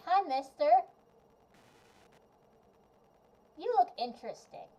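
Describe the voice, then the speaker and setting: A woman's voice: sits high, big pitch swings, fairly quick, mellow, slight background noise. A woman voicing a cheerful, curious little girl summoner in a tabletop game, talking in a bubbly, chatty way. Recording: muffled lo-fi mic.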